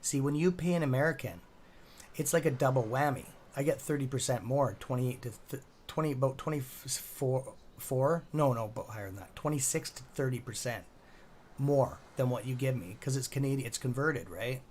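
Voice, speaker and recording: A man's voice: medium pitch, normal speed, a little mellow, a little hiss or hum. A man hosting a casual live stock-trading stream, rambling and chatty with a sore throat, swearing now and then.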